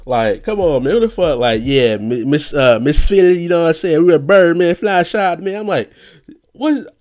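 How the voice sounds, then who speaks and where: A young man hosting a casual solo podcast rant, rambling and profane, with sudden high-pitched outbursts. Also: lively intonation, moderate pace, darkish tone. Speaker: podcast host.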